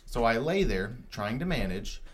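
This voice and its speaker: A man's voice: mid-range voice, sing-song, moderate pace. A young adult man telling a story in casual podcast chat, rambling, profane and self-mocking. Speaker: podcast co-host.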